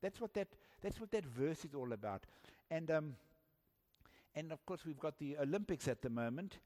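A man's voice: a little high, lively intonation, moderate pace, warm tone. A man preaching a sermon to a congregation, telling a story in a conversational way and often repeating words as he searches for them. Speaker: pastor. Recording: echoey hall reverb.

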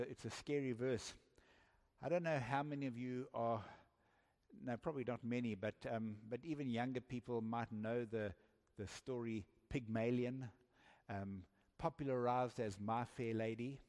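A man's voice: mid-range voice, a little mellow. Man preaching in an echoey hall. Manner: conversational storytelling, repeats words while searching. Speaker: pastor. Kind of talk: sermon.

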